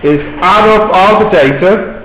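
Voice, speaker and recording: A man's voice: high-pitched, measured pace, fairly bright tone. A male maths tutor with an Irish accent, patiently explaining step by step to a class. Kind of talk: classroom teaching. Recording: echoey classroom, faint background noise.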